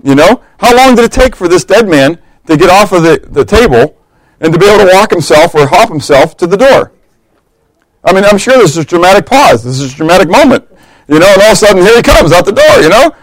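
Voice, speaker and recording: This sermon comes from a high-voiced man speaking at a quick pace, who tells humorous stories and voices the characters himself. There's no echo, but the audio is poor.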